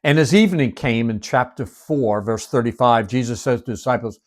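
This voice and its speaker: A man teaching the Bible as a sermon, retelling its stories dramatically and dropping to hushed whispers to make his point. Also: mid-range voice, fairly quick. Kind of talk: expressive Bible-study sermon.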